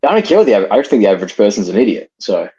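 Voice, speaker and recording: A man in a heated casual debate, halting and restarting often with lots of "like". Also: fairly low pitch, big pitch swings, warm tone, breathy edge, muffled recording. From Australia.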